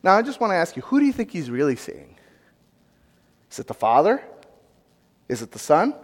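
A man giving an interactive sermon, conversational and animated, asking his audience questions and wandering into asides. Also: a little high, normal speed, in a large hall. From United States. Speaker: pastor or Bible teacher.

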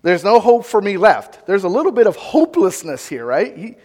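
Animated man preaching in a hall. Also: high voice, moderate pace. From United States. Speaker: pastor or Bible teacher. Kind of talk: interactive sermon.

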